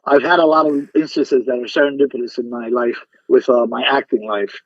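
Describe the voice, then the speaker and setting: A male actor appearing as a podcast guest tells stories in a lively way, performing the voices of the people in them during a casual interview. He has a mid-range voice and talks a little fast, in a dry, muffled recording.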